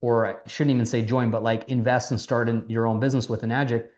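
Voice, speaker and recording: A man casually coaching people on sales, lively, acting out quoted conversations, and swearing now and then. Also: mid-range voice, fast talker, lo-fi sound. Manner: animated, acts out quoted dialogue, swears casually. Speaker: mentor teaching sales.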